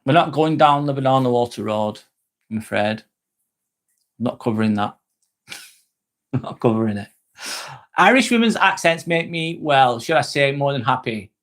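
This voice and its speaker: A man's voice: mid-range voice, expressive, moderate pace, pauses often, a bit bright. Man chatting on a live stream. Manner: reads viewer comments aloud and replies, joking and swearing freely. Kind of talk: casual live-stream chat.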